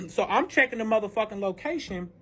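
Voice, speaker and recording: A man telling a dramatic personal story in a storytime vlog, animated and full of profanity. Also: high-pitched, normal speed. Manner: heavy profanity, animated retelling.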